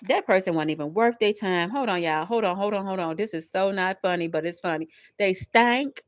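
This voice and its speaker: A woman doing a live tarot reading, talking in slangy, animated bursts with lots of laughter. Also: mid-range voice, brisk, hardly any pauses, no room sound, studio quality. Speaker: tarot reader.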